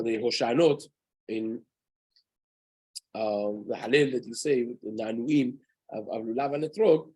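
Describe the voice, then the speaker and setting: In an earnest spoken Torah lesson, a rabbi leads his daily halacha class, sprinkling in Hebrew terms and frequently asking "right?" His mid-range voice is a little mellow and husky.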